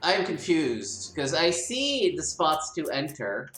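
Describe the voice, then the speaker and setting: A man's voice: on the high side, very animated, slow pace, a bit bright, roomy sound, soft background music. Wry man commenting on gameplay. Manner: wry and joking. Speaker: let's play host.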